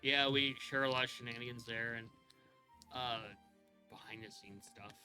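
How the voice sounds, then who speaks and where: A man's voice: medium pitch, normal speed, faint music behind. A man acting as game master, recapping a tabletop session with lots of fillers before signing off. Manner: relaxed recap with many fillers.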